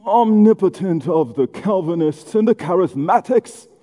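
A man's voice: high voice, animated, measured pace, dark tone. A man imitating a pompous churchgoer who prays in grand, old-fashioned words, in an echoey hall. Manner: grandiose, archaic phrasing.

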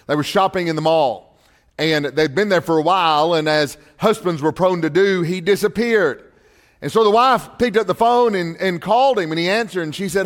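A pastor with a notably high voice delivers a sermon in a church. He talks in a folksy, storytelling way and polls the congregation as he goes. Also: long reverb tail. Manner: folksy storytelling with crowd surveys. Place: church sanctuary.

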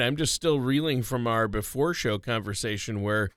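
A man's voice: mid-range voice, fairly even intonation, normal speed, sharp tone, clean tone, dry recording. A man co-hosting a radio talk show, chatting in an upbeat, joking way. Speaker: guest co-host.

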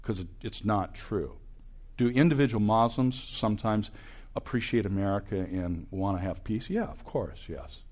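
A man in his sixties preaching with a fairly low voice. He presses his points hard, then drops to near-whispered asides. He sounds like a seasoned speaker who talks to students. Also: moderate pace. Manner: emphatic, swings from loud bursts to hushed asides. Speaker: campus ministry speaker. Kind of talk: preaching talk to an audience.

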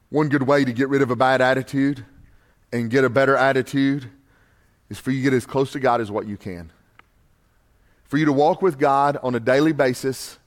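A man preaching a sermon, building his points through repeated refrains. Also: mid-range voice. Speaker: pastor.

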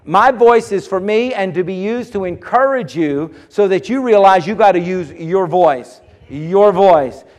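Man preaching, high voice, fervent, repeated exclamations, long hall reverb. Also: expressive, unhurried. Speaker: pastor. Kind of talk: sermon.

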